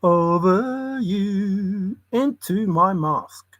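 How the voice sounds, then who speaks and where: A man's voice: sits high, drawn-out words, fairly bright tone, dry recording. A man hosting a livestream, muttering loose word associations and breaking into bits of song. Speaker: livestream host.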